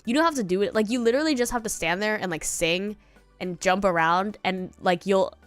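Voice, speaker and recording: A woman's voice: medium pitch, fairly quick, no echo, soft background music. A congested young woman streamer chatting casually and rambling, now and then singing bits of songs. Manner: rambling, sings snatches of songs. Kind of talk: casual chat.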